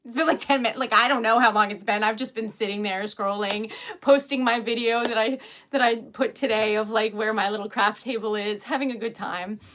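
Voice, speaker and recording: Female streamer, slightly high voice, chatty and giggly, crafting live at home. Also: fairly even intonation, brisk, fairly bright tone. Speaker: craft livestream host. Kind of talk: casual chat while crafting.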